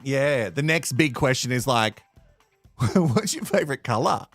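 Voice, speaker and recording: A man's voice: mid-range voice, lively intonation, measured pace, a bit bright, no room sound, soft background music. An Australian man hosting a live watch-along, sarcastic and swearing with bursts of laughter. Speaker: host reacting to a reality show.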